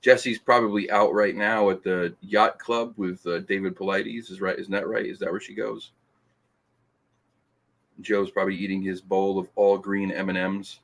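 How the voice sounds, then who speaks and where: Husky man laughing through a live show. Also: low voice, little pitch movement, moderate pace, a bit bright. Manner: laughs often, teasing, stumbling restarts. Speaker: podcast host reading live chat. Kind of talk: casual live-stream chat.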